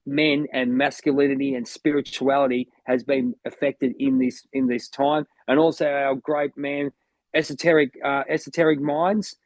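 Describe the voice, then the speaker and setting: A man's voice: mid-range voice, no echo. An Australian man co-hosting a podcast as a motivational coach, talking in an enthusiastic, rambling way with lots of restarts. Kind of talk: casual chat.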